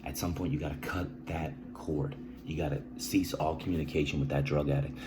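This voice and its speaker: Deep-voiced man, emotional, blunt, repetitive advice, faint hiss behind. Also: fairly even intonation. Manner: emphatic, repeats key phrases, says "right?" often; halting, restarts, clears throat often. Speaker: vlogger sharing personal experience. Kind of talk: earnest direct-to-camera advice talk.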